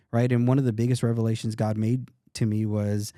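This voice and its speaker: A man's voice: on the low side, flat delivery, brisk, few pauses, mellow, no echo, clean studio sound. A man in his thirties, a podcast guest, talking earnestly and reflectively, often restarting his sentences. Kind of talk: casual interview talk.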